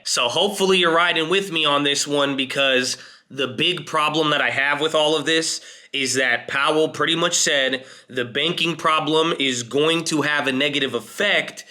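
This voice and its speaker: A man hosting a finance video, giving casual market commentary in a fast, excitable way as he explains to viewers. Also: a little high.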